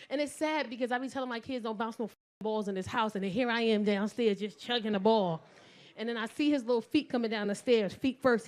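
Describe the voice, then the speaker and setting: A woman in her forties with a New York accent delivers a stand-up set in a high, bright voice. She is loud and animated, curses freely, and her voice keeps swinging up into shouts. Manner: profane, slangy. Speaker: stand-up comedian. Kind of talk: stand-up routine.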